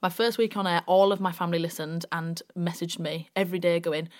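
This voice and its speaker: A woman's voice: on the low side, steady tone, fairly quick. A young woman from Bradford with a West Yorkshire accent, a radio presenter telling stories at length in a casual interview. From Bradford, West Yorkshire, England. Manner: chatty, long-winded storytelling. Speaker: radio presenter, podcast guest.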